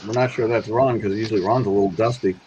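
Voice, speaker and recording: A man's voice: fairly low pitch, fairly even intonation, fast, warm tone, lo-fi sound, slight background noise. A man cracking dry jokes and swearing in a streamed voice chat. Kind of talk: casual banter.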